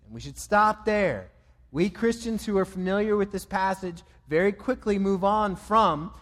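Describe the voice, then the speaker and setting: Emphatic preacher with high voice. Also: male voice, unhurried, a bit bright, big-room sound. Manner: emphatic, repetitive cadence. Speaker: pastor. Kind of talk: sermon.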